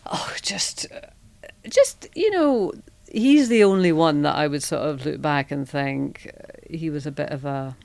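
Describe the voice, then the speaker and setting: A woman's voice: low voice, moderate pace, gravelly, few pauses, a little mellow, no echo. A middle-aged woman with a Scottish accent, a podcast guest telling frank, self-deprecating anecdotes in a chatty way. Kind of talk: candid conversational storytelling.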